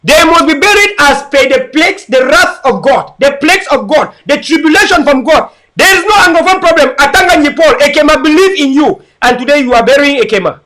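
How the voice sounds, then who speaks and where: A man's voice: extremely high pitch, expressive, a little fast, hardly any pauses, sharp tone. A man with a Cameroonian English accent, switching into Pidgin, giving mocking and preachy political commentary. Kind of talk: impassioned online commentary.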